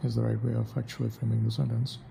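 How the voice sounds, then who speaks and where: Guy with a really gravelly voice rambling to himself, lots of noise behind. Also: medium pitch, flat delivery, fast. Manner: self-questioning, wandering, corrects his own words. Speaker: vlogger. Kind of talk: rambling solo monologue.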